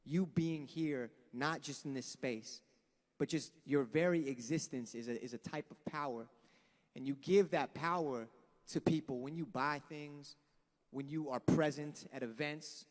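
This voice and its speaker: Earnest rallying man, long echoing reverb. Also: a little high. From Los Angeles. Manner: earnest, rambling, profane, rallying. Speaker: band frontman addressing a crowd. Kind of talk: impassioned speech to a live crowd.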